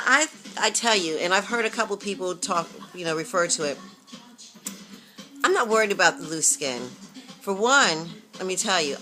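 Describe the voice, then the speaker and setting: A woman's voice: on the low side, pushed and bright. A woman vlogging casually about her weight loss, chatty, sassy and candid, talking straight to her viewers.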